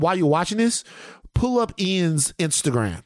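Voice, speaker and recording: A man's voice: high-pitched, very animated, moderate pace, a little mellow, dry recording, studio quality. A man co-hosting a podcast in casual chat, ranting in mock outrage and mimicking friends. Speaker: podcast co-host.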